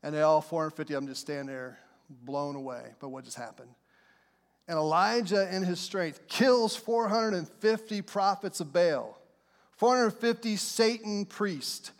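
A man's voice: sits high, long reverb tail. A man preaching a sermon, emphatic and repetitive, retelling a Bible story with energy.

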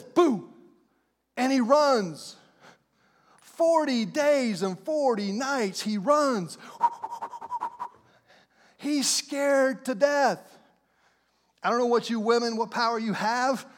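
A man's voice: very high voice, in a large hall. A man preaching a sermon, emphatic and repetitive, retelling a Bible story with energy.

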